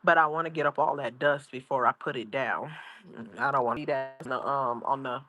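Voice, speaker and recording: A woman's voice: extremely low pitch, steady tone, a little fast. A grandmother streaming casually from home, chatting and reading her chat aloud. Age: older. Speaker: livestream host. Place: outdoors at home.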